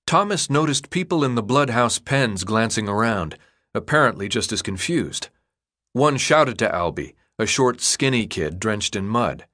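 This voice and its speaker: A man narrating an audiobook in a steady, even storytelling voice. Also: fairly low pitch, measured pace. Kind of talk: scripted narration.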